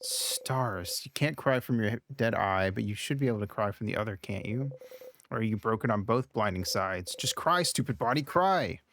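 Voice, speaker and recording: Low-voiced man reading game text. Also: normal speed, gravelly, a bit bright, a little hiss or hum. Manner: reads game text aloud between short casual remarks. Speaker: streamer. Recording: game music behind.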